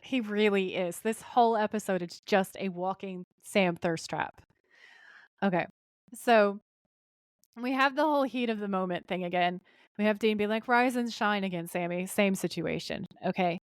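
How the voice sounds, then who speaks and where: Brief: woman co-host, mid-pitched, lively and profane episode recap, close dry mic. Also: moderate pace, clean tone, no echo. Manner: animated, swears freely, acts out quoted lines. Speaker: podcast co-host. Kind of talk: casual chat recapping a TV episode.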